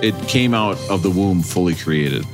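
A lower-pitched man talking casually as a podcast co-host, his pitch swinging widely as he gets animated. He likes to break into goofy impressions of movie lines, and faint music plays underneath. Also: normal speed. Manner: animated, quotes movie lines in silly voices. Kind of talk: casual chat.

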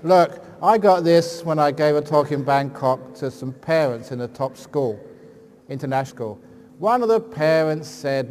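A man's voice: a little high, lively intonation, moderate pace, darkish tone. A man who is a Buddhist monk, answering audience questions with jokes and anecdotes. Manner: joking, anecdotal storyteller. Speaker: Buddhist monk giving a dharma talk. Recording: long hall reverb, faint ambient noise.

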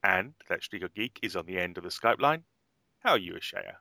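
Lively, bright-voiced man hosting a podcast. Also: low voice, no echo, clean studio sound. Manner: lively, quick to joke and protest. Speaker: podcast co-host. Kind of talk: casual chat.

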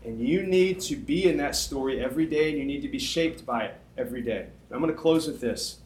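A middle-aged man preaching as a youth pastor, animated and conversational, often checking in with "okay?". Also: mid-range voice, a little fast, slight background noise. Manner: animated, conversational, self-deprecating, frequent "okay?". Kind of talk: sermon. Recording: echoey room.

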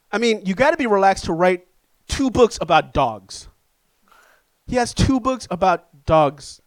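A man with a fairly high voice preaches a sermon, telling a lively, self-deprecating story to his congregation. The sound is close and dry, with little room echo. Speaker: pastor. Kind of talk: sermon with humorous personal story.

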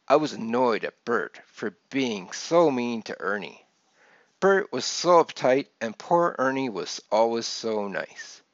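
A man reading aloud from his own memoir, gently telling a childhood story and brightening his tone for the people he quotes. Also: medium pitch, vocal fry, no echo. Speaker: author reading his book. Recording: dull lo-fi dry recording.

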